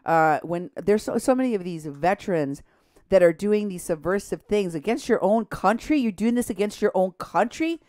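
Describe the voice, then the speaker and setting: A mid-range female voice with lively intonation and a moderate pace rails on a radio show, reading posts aloud scornfully and escalating to near-shouting outrage. The studio recording is dry.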